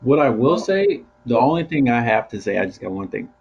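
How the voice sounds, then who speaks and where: A man's voice: medium pitch, big pitch swings, fairly quick, gravelly, slightly rough. Laid-back young man, dull call audio. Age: young adult. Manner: laid-back, casual slang. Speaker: student co-host. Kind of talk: casual chat. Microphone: video call.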